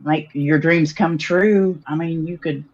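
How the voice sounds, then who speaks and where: A man's voice: a little high, fairly even intonation, a little slow. A man chatting on a live stream in a teasing, sarcastic way. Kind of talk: casual chat on a live stream. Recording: dull lo-fi stream audio.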